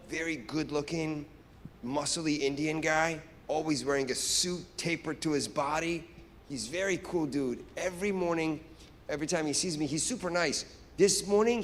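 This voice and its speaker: A man doing stand-up, telling a story in an animated, profane way and acting out scenes on stage. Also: on the high side. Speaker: stand-up comedian. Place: stage in a large hall. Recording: echoey hall with reverb.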